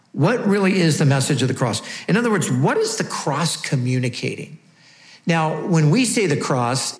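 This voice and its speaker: A man preaching a sermon, emphatic and asking rhetorical questions, slowing down on key words. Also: medium pitch, reverberant. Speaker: pastor.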